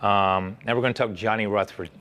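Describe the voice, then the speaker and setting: A man hosting an interview, asking eager, rambling questions and often answering with a quick "yeah.". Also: lowish voice, fairly even intonation, fairly bright tone. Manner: eager, filler-heavy questions with frequent "yeah" backchannels. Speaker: interview host. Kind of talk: casual interview chat.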